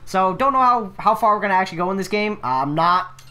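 A man's voice: sits high, lively intonation, fast talker, bright, forceful tone, soft background music. Rambling young man commenting on a game. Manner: rambling with frequent fillers and swearing. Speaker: let's play host. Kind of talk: casual gaming commentary.

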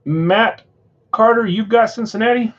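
A man's voice: sits high, a little slow, a bit bright, husky, dull audio. A man at a card shop running a live card break, steadily rattling off names and teams.

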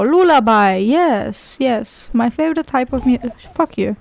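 A woman's voice: on the high side, animated, slow, vocal fry, few pauses, darkish tone, no echo. A young woman commenting on a horror game as she plays, sarcastic and swearing often while talking to herself. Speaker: gaming video creator. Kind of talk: casual gameplay commentary.

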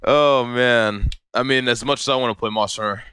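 A young man streaming a game live, loud and exasperated, swearing at his chat and laughing often. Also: medium pitch, fairly even intonation, brisk, very noisy. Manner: frequent laughter.

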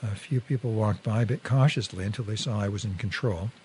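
Husky man reading a wry story. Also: lowish voice, fairly quick, darkish tone. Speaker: reader. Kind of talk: reading a first-person story aloud.

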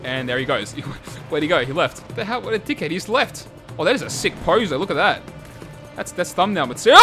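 Brief: young male gameplay host, hoarse, swearing and shouting at the game, music behind. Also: fairly high pitch, big pitch swings, a little fast. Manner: loud, laughing, swearing, yelling at the game. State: hoarse from screaming. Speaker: gaming video host. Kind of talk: gameplay commentary.

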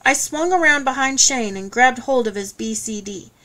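A woman reading an audiobook in first person, steady and measured. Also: sits high. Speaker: audiobook narrator. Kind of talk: scripted first-person narration.

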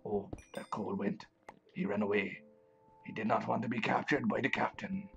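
A gaming channel host runs a let's play as a pirate, growling "arr" between chatty remarks. His lowish voice has vocal fry, fairly even intonation and a normal pace. The lo-fi recording sounds slightly dull, with faint music and a little background noise.

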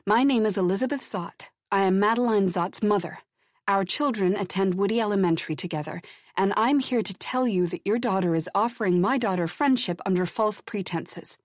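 A woman's voice: mid-range voice, fairly quick, no echo, studio quality, natural voice. A woman voicing a self-assured woman chemist who talks in a clipped, imperious, scolding way. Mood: indignant.

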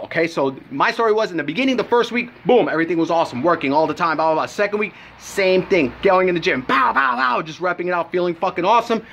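A man's voice: high voice, fairly bright tone. A young man giving a brash, profane supplement review in a casual vlog, telling his story with lots of animation.

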